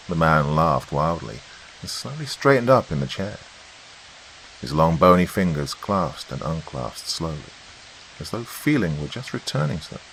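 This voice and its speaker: A man reading a sci-fi horror story aloud as podcast host, with measured, expressive narration. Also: extremely low pitch, creaky, a little hiss or hum, poor audio.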